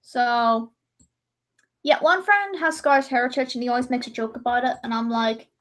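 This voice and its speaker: High-voiced rambling woman. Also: moderate pace, fairly bright tone. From Ireland. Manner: rambling, chatty, often breaking off and restarting sentences. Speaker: livestreamer. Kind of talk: casual livestream chat.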